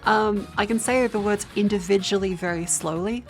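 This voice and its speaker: A woman's voice: mid-range voice, moderate pace, faint music behind. A woman with a rural Australian accent chatting casually with friends on a voice call, blunt and swearing freely. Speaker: streamer. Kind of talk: casual group chat.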